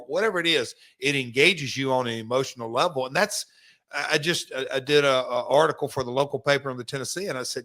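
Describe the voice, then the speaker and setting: Middle-aged male podcast host, bright edge, emphatic rambling storyteller. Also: medium pitch, quick pace. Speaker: podcast host, former wrestler. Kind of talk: casual podcast chat.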